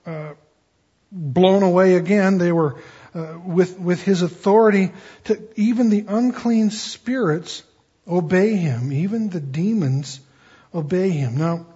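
A man's voice: high-pitched, darkish tone, slightly rough. A male pastor preaching a sermon in a folksy, conversational way, with homey asides. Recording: dull lo-fi recording.

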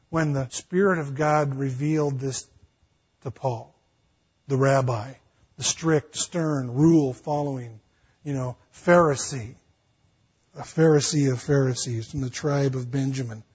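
A man's voice: a little high, a little slow, slightly rough, lo-fi sound. A man preaching a sermon as pastor, acting out a dialogue between God and Paul with emphatic build-ups.

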